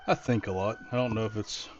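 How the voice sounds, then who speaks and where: A middle-aged man with a lowish voice talks through his home project in a loose, rambling way, often restarting his thoughts. The sound is a bit dull and lo-fi, like a basic home video recording. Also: slight background noise. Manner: rambling, thinking aloud with many restarts. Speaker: DIY vlogger. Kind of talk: casual DIY walkthrough.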